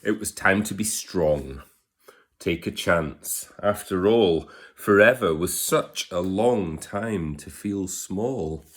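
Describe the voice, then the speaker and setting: A man reading a rhyming picture book aloud, gently asking his listeners questions. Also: low-pitched, slow pace. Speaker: storyteller.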